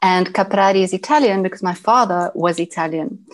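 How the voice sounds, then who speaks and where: South african woman guest on a podcast, easygoing and expressive, laughs a lot. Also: on the low side, brisk. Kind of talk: casual interview chat.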